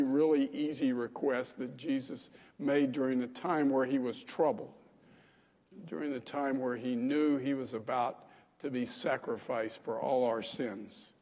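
A man's voice: mid-range voice, a little mellow, slightly rough, big-room sound. A man preaching a sermon as pastor, talking in a conversational way with frequent fillers.

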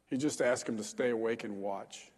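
A man's voice: medium pitch, moderate pace, darkish tone, slightly rough, long reverb tail. A man preaching a sermon as pastor, talking in a conversational way with frequent fillers.

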